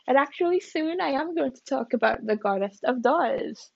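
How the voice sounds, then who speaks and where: Her high voice expressive, gravelly and a bit breathy, a woman hosts a podcast from a room at home at a moderate pace. She reads aloud and muses chattily, leaning on "like" and "you know"; the audio lacks echo but sounds dull.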